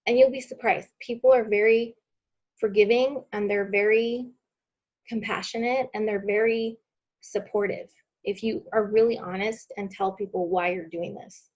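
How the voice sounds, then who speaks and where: A woman's voice: medium pitch, a little mellow, husky. Woman coaching over a dull lo-fi call. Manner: encouraging, conversational, direct address. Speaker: business team trainer. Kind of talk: training call on social media selling.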